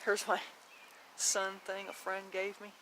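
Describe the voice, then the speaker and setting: A woman's voice: mid-range voice, completely flat delivery, a little slow, a bit bright. Woman, casual garden tour, rambling chatty talk, outdoors, phone camera, faint outdoor noise. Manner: chatty, rambling, laughs often, blunt with mild swearing. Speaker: vlogger giving a garden tour.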